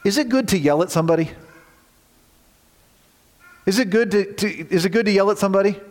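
Fairly high-voiced pastor, echoing hall. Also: male voice, a little fast. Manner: dramatic swings from quiet to shouted warnings. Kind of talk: sermon. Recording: long reverb of a large hall.

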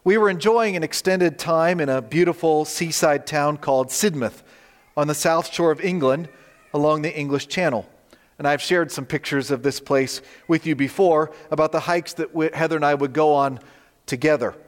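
Male pastor, storytelling sermon, slightly high voice, long hall reverb. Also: normal speed. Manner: storytelling, conversational, animated in quoted dialogue. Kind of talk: sermon with slides.

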